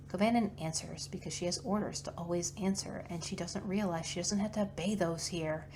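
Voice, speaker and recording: Woman narrating tabletop game stuff, relaxed, kinda low voice, faint hiss. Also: normal speed. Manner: relaxed storytelling with asides.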